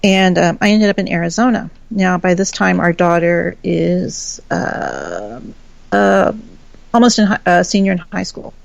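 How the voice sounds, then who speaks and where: A woman's voice: fairly low pitch, animated, measured pace, gravelly, lo-fi sound. A woman guest telling a personal story in a frank, chatty way, swearing casually. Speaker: podcast guest.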